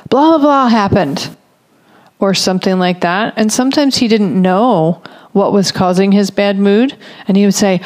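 A woman in her forties giving a reflective talk on parenting, speaking slowly and deliberately and repeating phrases for emphasis. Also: on the low side, darkish tone.

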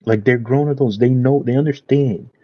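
A man's voice: medium pitch, moderate pace, slightly rough. A man as a podcast guest in casual chat, laid-back and saying "bro" constantly. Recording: dull dry lo-fi sound.

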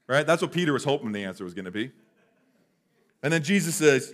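A male pastor preaching a sermon in a church, conversational and animated, sometimes dropping to a hush for effect. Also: medium pitch, fast talker, long pauses, a little hiss or hum. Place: church sanctuary.

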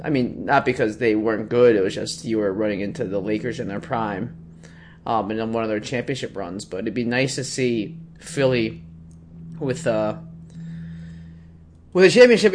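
A man's voice: mid-range voice, slight background noise. A man in his late twenties chats casually with his co-host on a podcast. He swaps sports opinions and tells stories, and he slips into the voices of the people he quotes as a tale builds. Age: late 20s. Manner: animated storyteller, acts out quoted people with a raised voice. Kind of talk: casual chat.

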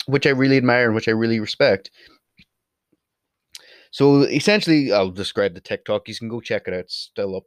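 A man's voice: medium pitch, moderate pace, no room sound. A young Irish man with an Irish accent, speaking casually to camera with blunt, opinionated remarks and free swearing. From Ireland. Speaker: video creator.

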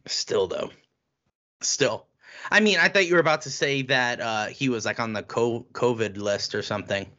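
Male podcast co-host, bright and animated, teasing, lo-fi sound. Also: medium pitch, normal speed. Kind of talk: casual sports chat.

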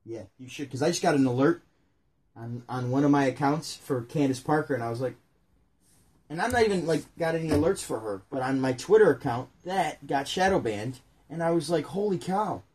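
A man's voice: fairly high pitch, expressive, a little fast, darkish tone. A man co-hosting a casual chat, reading a children's book aloud into a phone camera and joking about his own mistakes. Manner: jokey, rambling, laughs at himself. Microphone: phone front camera.

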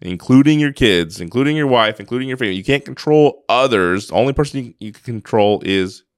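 A man co-hosting a podcast tells a personal story, earnest and casual, often starting his sentences over. His mid-range voice is animated and brisk. The sound is studio quality with no echo.

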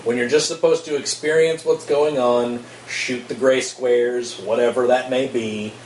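A man's voice: medium pitch, steady tone, a little slow, a little mellow. A man co-hosting a podcast in casual, rambling chat, laughing often. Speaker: podcast co-host. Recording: roomy echo, distant mic, faint hiss.

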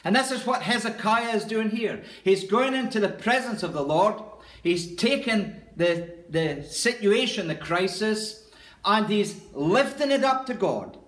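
A man's voice: high-pitched, animated, measured pace, a bit bright. A man preaching a sermon as pastor, earnest and emphatic, repeating key phrases for weight. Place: church. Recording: echoey church room.

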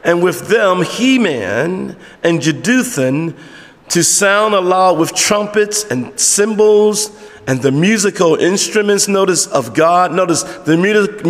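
Male pastor, high voice, emphatic conversational preacher, big church reverb. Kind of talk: sermon. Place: church sanctuary with congregation. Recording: long hall reverb in a church.

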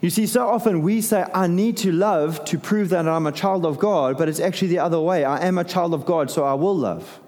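A middle-aged man, a pastor, preaching a sermon in a casual, conversational way with animated turns and self-deprecating asides. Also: fairly high pitch, fairly quick, hardly any pauses. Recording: long hall reverb.

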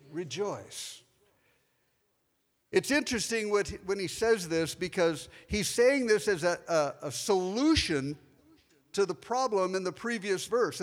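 Middle-aged male pastor, higher voice, lively sermon delivery with loud emphasis and soft asides, church hall echo. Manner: animated preaching, shifts between loud emphasis and quiet asides. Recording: long hall reverb.

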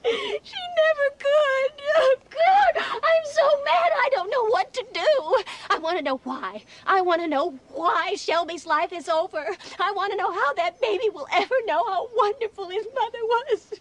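An actress playing a middle-aged grieving mother who cries and shouts in anguish. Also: extremely high pitch, expressive, moderate pace. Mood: sobbing, breaking. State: crying. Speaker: film character.

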